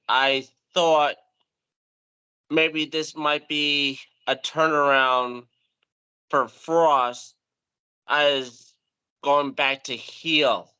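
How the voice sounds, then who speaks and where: A man answering interview questions hesitantly, pausing to search for words. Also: a little high, bright, forceful tone, clear, resonant tone, no echo, lo-fi sound. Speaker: guest.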